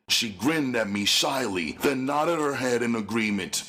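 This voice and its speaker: A man reading a gritty first-person novel aloud as an audiobook narrator, with a slow, menacing delivery. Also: medium pitch, lively intonation, bright, forceful tone.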